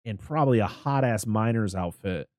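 A man's voice: lowish voice, normal speed, a little mellow, no room sound, studio quality. A man co-hosting a podcast, chatting casually about a film, rambling and acting out characters' lines. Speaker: podcast co-host. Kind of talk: casual film review chat.

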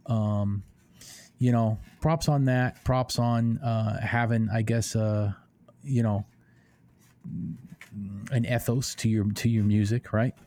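A man's voice: on the low side, steady tone, slow pace, long pauses, dark tone, no room sound. A man co-hosting a casual podcast, hesitant and full of fillers, swearing casually. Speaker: podcast co-host. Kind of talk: casual chat.

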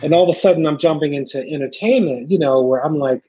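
A middle-aged man telling stories in a casual chat, acting out the people he quotes in lively voices. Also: on the high side, quick pace, breathy edge. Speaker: podcast guest, filmmaker. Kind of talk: casual storytelling. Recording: dull lo-fi sound.

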